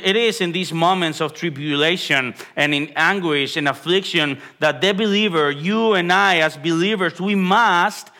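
A man's voice: a little high, bright, forceful tone. A man preaching a sermon as pastor of a congregation, earnest and emphatic, often repeating phrases and restarting his sentences with an "uh". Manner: frequent restarts and filler "uh".

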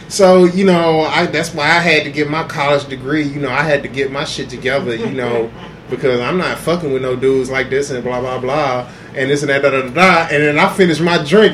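A podcast co-host chatting casually in a high voice for a man. He is animated and profane and laughs a lot, with faint noise in the background. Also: a little fast. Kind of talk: casual chat.

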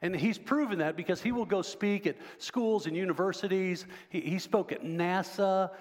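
A pastor with a voice that sits high preaches at a moderate pace in a church sanctuary, keeping it conversational and frequently asking the congregation questions. The recording has a long hall reverb.

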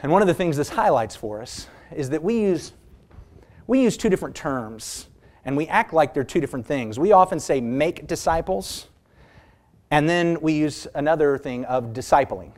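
A man preaching a sermon, emphatic, drawing out key words slowly and putting rhetorical questions to his listeners. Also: lively intonation, a little mellow. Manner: emphatic, stretches key words slowly and rises in pitch for stress; asks the congregation rhetorical questions.

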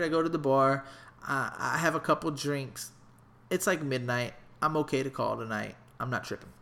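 A young adult man telling a comedic travel story in a casual, animated, profane and rambling way. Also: mid-range voice, moderate pace, vocal fry.

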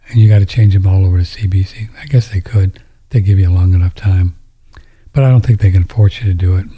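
Male host, low husky tone, loose rambling delivery with hushed asides. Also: fast. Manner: rambling, with frequent restarts and drops into near-whispers. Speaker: host answering viewer questions. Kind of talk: casual monologue.

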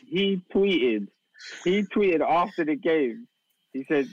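A man spinning a football anecdote with amusement, voice a touch high and lively. Recorded close, with a dry sound. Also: slow pace, no echo, highs cut off. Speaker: podcast co-host. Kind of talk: casual football banter.

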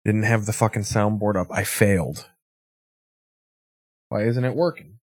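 A man with a lowish voice rambles through sarcastic commentary, swearing freely. His voice is recorded close and dry, with no room echo. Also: unhurried, darkish tone. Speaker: streamer reacting to a show. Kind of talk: casual profane commentary.

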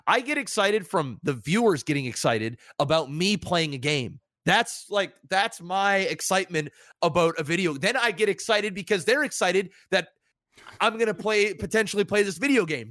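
A man in his thirties who co-hosts a podcast and streams speaks at a moderate pace in casual chat, candid and reflective, his pitch rising animatedly at times. The recording is clean studio sound with no room sound.

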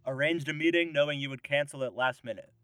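A man with a bright, slightly high voice reads quiz questions aloud on a podcast and keeps things playful. The sound is dry and close, with no room around it. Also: fast talker, no room sound. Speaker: podcast co-host. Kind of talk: casual chat.

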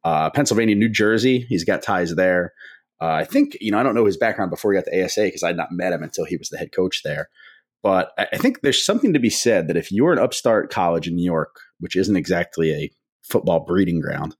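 A man co-hosting a sports show over a remote call, talking in an animated, casual way. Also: low voice, a little fast, husky. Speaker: co-host.

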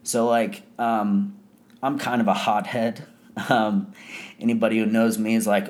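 A man's voice: lowish voice, flat delivery, a little slow, a little mellow. A young man telling a personal story in a loose, profane, rambling way, full of fillers. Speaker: podcast host. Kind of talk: casual storytelling monologue.

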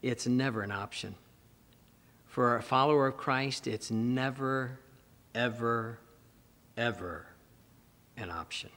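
A man's voice: medium pitch, slow pace, pauses often, fairly bright tone, big-room sound. A man preaching a sermon as a pastor, emphatic and repeating words for stress.

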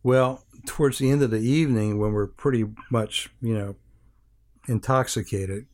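An older man from Hawaii, appearing as an interview guest, tells a rambling anecdote full of restarts and fillers, acting out other people's lines. His voice is medium-pitched and darkish, at normal speed.

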